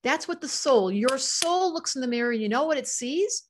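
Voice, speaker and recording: An older woman speaking with fervent emotion on a live stream. Her voice sits fairly high as she teaches astrology and reads viewers' chat comments aloud. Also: expressive, moderate pace, a little hiss or hum.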